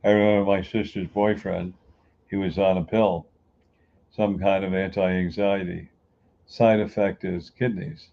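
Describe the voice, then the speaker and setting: A man's voice: low-pitched, fairly even intonation, a little slow, vocal fry, dull audio, a little hiss or hum. A man giving a folksy, emphatic motivational talk who grew up on the US East Coast. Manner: folksy, emphatic, acts out everyday people. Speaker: inspirational speaker.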